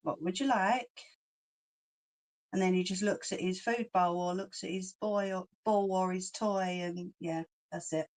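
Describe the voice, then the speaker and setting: A woman's voice: lowish voice, steady tone, normal speed, hardly any pauses, darkish tone. Chatty London woman on a livestream. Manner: chatty, laughs often, cheeky slang. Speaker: craft channel host. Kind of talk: casual livestream chat, reading comments.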